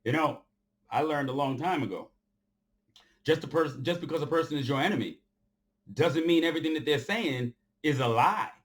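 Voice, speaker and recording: A man giving an off-the-cuff, impassioned monologue to his followers. He talks in a preachy way, repeats phrases for emphasis, and swings between loud outbursts and quiet stretches. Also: a little high. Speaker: commentator addressing his followers.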